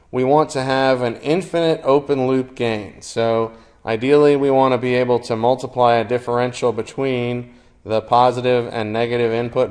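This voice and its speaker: A man's voice: medium pitch, a little mellow. A man lecturing on electronics, explaining steadily with occasional fillers. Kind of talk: recorded engineering lecture.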